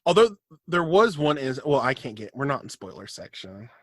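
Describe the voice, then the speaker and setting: A young man co-hosting a podcast in casual chat, joking with quick, wry interjections. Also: medium pitch, sing-song, no room sound, clean studio sound. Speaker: podcast co-host and editor.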